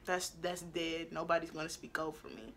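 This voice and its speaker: Bright-voiced young woman, blunt storytime. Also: moderate pace. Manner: animated, blunt and profane, swinging between loud outbursts and low asides. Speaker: beauty vlogger telling a story. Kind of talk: casual storytime monologue.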